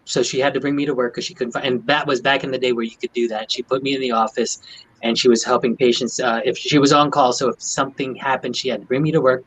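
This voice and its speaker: A doctor speaks in a mid-range, slightly bright voice over a rough recording. He's on a video panel in a video call chat, earnestly sharing a personal story.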